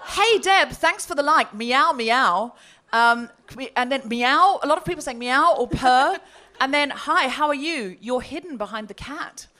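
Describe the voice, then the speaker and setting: A woman hosts a live comedy show on stage and tells a funny story. Her voice is high and bright, and it swoops up and down as she acts out silly messages in put-on voices, laughing along the way. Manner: animated, laughing, quoting messages in mock voices. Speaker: podcast co-host telling a story.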